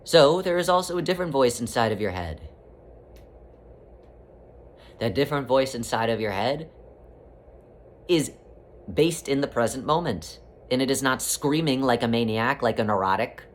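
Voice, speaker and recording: A man's voice: medium pitch, slight background noise. Man giving a flowing spiritual talk. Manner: flowing, repetitive, gently teasing. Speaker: spiritual teacher. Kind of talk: spiritual talk, speaking as a collective "we".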